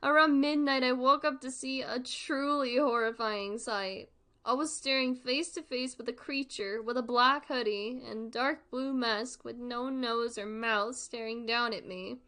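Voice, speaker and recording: A woman's voice: fairly high pitch, fairly even intonation, unhurried, pushed and bright. A young woman reading creepypastas aloud with comic commentary, swearing a lot and breaking into laughter. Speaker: creepypasta reader and reactor.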